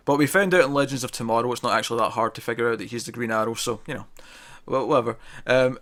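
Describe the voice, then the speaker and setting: A man reviews an episode in relaxed, rambling conversation. He trails off and restarts often and breaks into quick laughs. His voice sits at an everyday middle pitch. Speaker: podcast co-host reviewing TV. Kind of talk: casual review chat.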